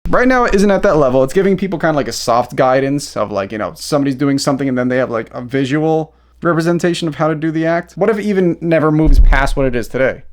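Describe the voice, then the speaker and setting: A man's voice: a little high, expressive, fast talker, few pauses. A man hosting a comedy video, reading scripted facts and breaking into crude, rambling asides. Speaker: video host. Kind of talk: comedic commentary mixed with read script.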